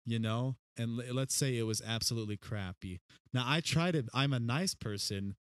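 A man with a mid-range voice talks through a relaxed podcast conversation. He laughs easily and keeps the tone playful. The recording is dry and close to the mic. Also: medium pitch, moderate pace, no echo. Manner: laughs often, playful, drops into silly voices. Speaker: podcast guest. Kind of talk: casual podcast chat.

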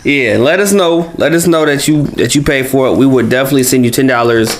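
A man's voice: mid-range voice, fast, noisy background. A man co-hosting a podcast in casual chat, laid-back and slangy, often repeating phrases. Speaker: podcast co-host.

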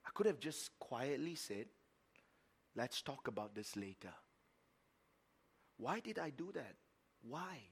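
A middle-aged man preaching a sermon as pastor, telling a story with emphatic repetition and sudden swings between loud and quiet. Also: medium pitch, very animated, takes it slowly, long pauses, breathy edge. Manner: repeats words for emphasis.

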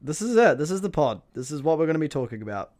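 A man's voice: fairly high pitch, sing-song, quick pace, a little mellow, no echo, studio quality. Joking New man hosting a podcast. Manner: loose, joking, trails off with fillers. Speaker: podcast co-host. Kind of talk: casual podcast chat.

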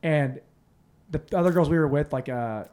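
A man's voice: on the high side, moderate pace, darkish tone. A man hosting a podcast, telling a boozy night-out story in casual, profane chat, acting out quotes. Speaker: podcast host.

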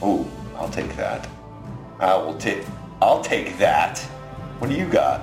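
Deep-voiced man running a tabletop game. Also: big pitch swings, slow pace, over music. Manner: loose, rambling, restarting narration. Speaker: game master.

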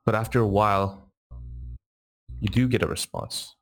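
A man narrating a tabletop game as game master, in a measured way with frequent fillers. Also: fairly low pitch, steady tone.

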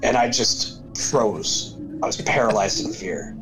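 A man guesting on a podcast, telling a story casually in a relaxed, chatty way. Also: lowish voice, unhurried, soft background music, low-quality recording. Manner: relaxed, chatty, says "right?" often.

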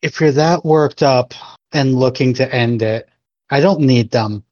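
A man's voice: medium pitch, measured pace, darkish tone, no room sound, muffled recording. Wisecracking man playing a tabletop game. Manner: joking, sarcastic. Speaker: player.

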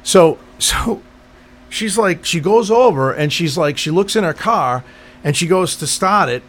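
A man with a slightly high voice tells a story in loose, profane chat. He gets animated and rattles off the quoted lines fast, then drops back to a plain narrating tone. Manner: animated, profane, acts out quotes in quick bursts. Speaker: podcast co-host telling a story.

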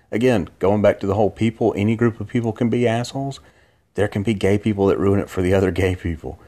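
A very low-pitched man talks through a late-night podcast monologue from his bed. He rambles and loops back on himself, drowsy and unhurried, restarting sentences as he goes. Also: fairly even intonation, dark tone. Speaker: podcast host. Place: in bed at home.

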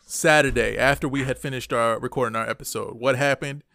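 A man co-hosting a casual podcast, telling a story animatedly and swinging between muttering and excited outbursts. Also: mid-range voice, brisk, gravelly, no echo, clean studio sound. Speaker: podcast co-host. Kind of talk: casual chat.

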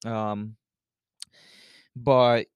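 Man telling a story, smooth dry voice. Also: medium pitch, flat delivery, extremely slow, no echo, dull audio. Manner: loose, profane, filler-heavy with many "you know"s. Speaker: podcast host. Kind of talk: casual storytelling monologue.

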